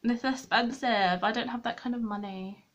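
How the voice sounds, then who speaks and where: The audio is lo-fi as a young beauty vlogger, fairly high-pitched and steady in tone, talks at normal speed. She applies makeup at a desk with a mirror in her home, rambling self-deprecatingly to viewers in a chatty get-ready-with-me style.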